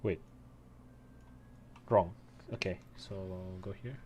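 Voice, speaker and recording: A man's voice: lowish voice, slow pace, a little mellow, a little hiss or hum. A man streaming a game, chatting casually and reading the text aloud with frequent self-corrections. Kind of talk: let's play commentary.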